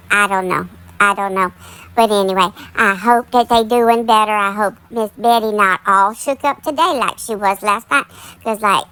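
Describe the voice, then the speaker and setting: Bright, chatty woman gossiping. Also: fairly high pitch, poor audio. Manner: chatty, full of "like" and "y'all". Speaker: commentary channel host. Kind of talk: casual gossip commentary.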